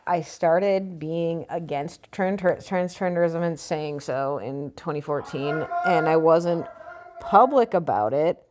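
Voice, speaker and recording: Woman vlogger, slightly low voice, blunt and scornful, reads an article aloud and picks it apart. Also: a little mellow. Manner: blunt, sarcastic, profane ranting. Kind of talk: opinion vlog reading an article.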